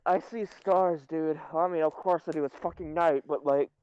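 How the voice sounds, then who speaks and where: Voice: mid-range voice, steady tone, normal speed, clear, resonant tone, no echo, lo-fi sound. A podcast co-host on a remote call, teasing and laughing often in casual chat. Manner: teasing, laughs often, swings between mumbling and squealing.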